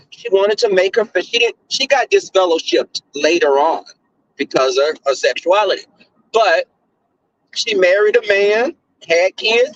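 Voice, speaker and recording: A man hosting a casual commentary chat, telling stories in a profane, animated way. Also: high voice, lo-fi sound.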